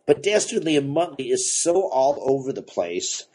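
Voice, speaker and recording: A man co-hosting a casual comics podcast, excitable and profane, laughing often. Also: medium pitch, moderate pace, husky. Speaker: podcast co-host, comic shop owner. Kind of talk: casual chat about comics.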